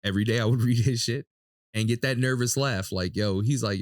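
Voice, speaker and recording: A man co-hosting a podcast, joking loudly and acting out other people's lines in jumpy voices. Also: mid-range voice, fairly quick, dry recording, clean studio sound. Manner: animated joker, acts out quotes in jumpy voices. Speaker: podcast co-host. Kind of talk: casual chat.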